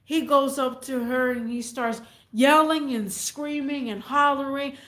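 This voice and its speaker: A woman's voice: high voice, measured pace, a bit bright, echoey room. A woman vlogger casually and animatedly retelling a neighbor story, rambling as she goes.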